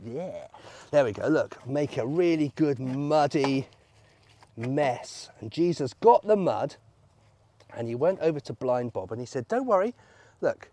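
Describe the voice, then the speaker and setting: A man leading family worship as a vicar, telling a Bible story in an animated, playful way with props. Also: fairly high pitch. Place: church.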